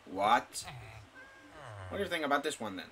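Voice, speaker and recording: Excitable young gamer guy, lively pitch. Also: normal speed. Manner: excitable, talks to his pet, squeals when delighted. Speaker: gaming YouTuber. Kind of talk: casual let's-play commentary. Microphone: desktop mic.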